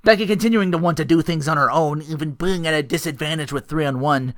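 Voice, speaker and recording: A man's voice: on the high side, fast talker, a bit bright, no room sound, studio quality. A man hosting a casual wrestling recap podcast into a home microphone, rambling and profane, laughing often. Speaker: podcast host.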